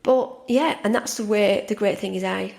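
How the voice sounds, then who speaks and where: Woman, gravelly voice, casual podcast chat, frequent restarts and repeated words. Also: medium pitch, normal speed, a little mellow. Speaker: podcast host and life coach. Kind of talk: casual monologue.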